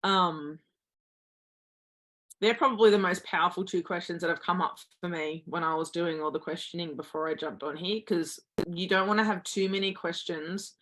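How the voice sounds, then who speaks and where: A woman's voice: lowish voice, fairly even intonation, normal speed, a bit bright. A woman guest giving earnest motivational advice, speaking directly to listeners as a confidence coach.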